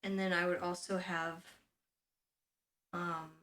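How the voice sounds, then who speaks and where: A woman's voice: on the low side, flat delivery, slow, a bit bright. A woman in her twenties from the United States, chatting casually as a streamer while she works at home, thinking aloud with lots of fillers. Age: 20s. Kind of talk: casual explaining while working.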